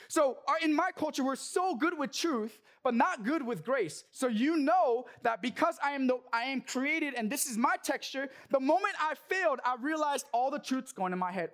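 A man's voice: very high-pitched, animated, normal speed, fairly bright tone. A young Korean American man giving an earnest sermon, telling a personal story with jokes. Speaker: church speaker.

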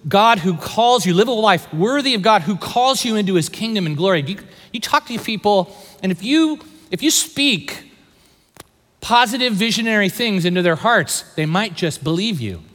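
A man from the Bay Area preaching a sermon to fathers, asking the crowd questions and swinging from loud bursts to quiet, intimate asides. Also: high-pitched. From Bay Area, California. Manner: animated, asks the crowd questions. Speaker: pastor. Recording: long hall reverb.

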